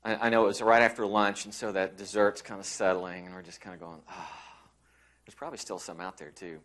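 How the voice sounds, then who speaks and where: A man's voice: deep voice, steady tone, brisk, a bit bright. A man presenting a conference session, conversational, with frequent restarts, acting out quoted colleagues. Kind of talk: conference talk.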